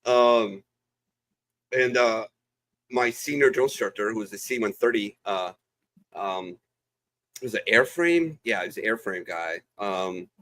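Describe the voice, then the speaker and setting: A man's voice: lowish voice, measured pace, pauses often, a bit bright. A man, a veteran co-host, telling service stories in casual chat, profane and rambling with lots of fillers.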